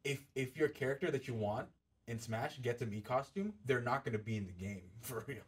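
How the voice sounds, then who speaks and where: Very raspy, laid-back man, off-mic. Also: medium pitch, a little fast, distant mic. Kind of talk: casual chat. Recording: voice picked up from off-mic.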